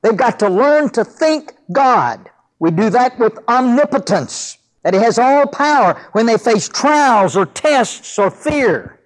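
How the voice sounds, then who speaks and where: Older man, pastor, sermon, high voice, lively swooping pitch. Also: slow pace.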